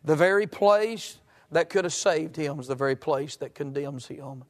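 A man's voice: a little high, normal speed. A man preaching a sermon, making fervent, pleading appeals to his listeners.

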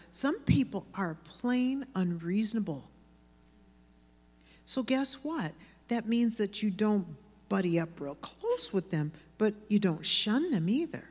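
A woman teaching a sermon to women, with earnest, lively storytelling. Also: mid-range voice, in a large hall.

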